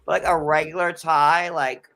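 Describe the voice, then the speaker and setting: A man's voice: a little high, fairly even intonation, moderate pace, creaky, sharp tone. A man co-hosting a casual chat, sarcastic and rambling with many fillers. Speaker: podcast co-host.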